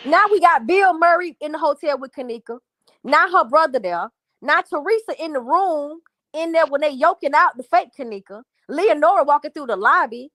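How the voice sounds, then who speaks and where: High-voiced woman ranting, dry sound. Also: lively intonation, normal speed, sharp tone, no echo. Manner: angry, profane, repetitive, addresses chat as y'all. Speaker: livestream host. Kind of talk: heated livestream rant to viewers.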